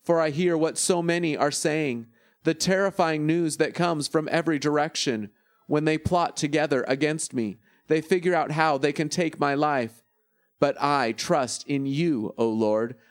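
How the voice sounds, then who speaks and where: A man reads scripture in a steady, measured way. His voice sits a little above the usual male range. The sound is close and dry, with no room around it. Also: a little high, dry recording. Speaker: scripture reader. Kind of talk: scripted Bible reading.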